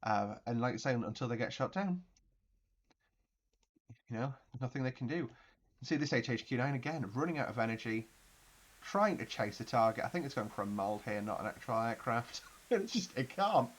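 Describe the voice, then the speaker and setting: A man hosting his channel, giving chatty, excitable gameplay commentary with mouth-made explosion noises. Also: mid-range voice, brisk. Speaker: video game channel host.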